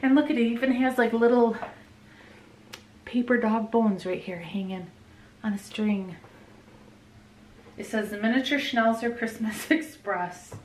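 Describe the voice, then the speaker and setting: A middle-aged woman vlogging at home, gushing over gifts and often dropping into a hushed whisper. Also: a little high, unhurried, long pauses, far from the mic, a little hiss or hum. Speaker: pet vlogger. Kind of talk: casual vlog, unboxing gifts. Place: bedroom at home. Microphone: camera mic. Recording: roomy home audio, slightly off-mic.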